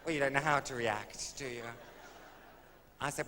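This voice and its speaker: This man has a mid-range voice and a sharp tone, speaking at normal speed as a stand-up comedian delivering a camp, arch, innuendo-laden story on stage. The old live stage recording is echoey, with faint hiss.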